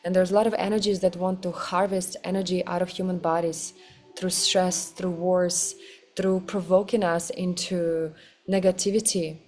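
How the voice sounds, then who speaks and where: A woman teaching a kundalini yoga class, guiding with soft, gentle, unhurried instructions. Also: lowish voice, flat delivery, faint music behind.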